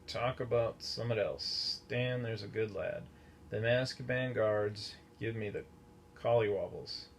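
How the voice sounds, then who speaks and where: A man voicing a gloomy, taciturn older male bus driver who speaks slowly and darkly. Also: on the low side, fairly even intonation, a little hiss or hum. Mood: uneasy. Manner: slow, grunting, dark.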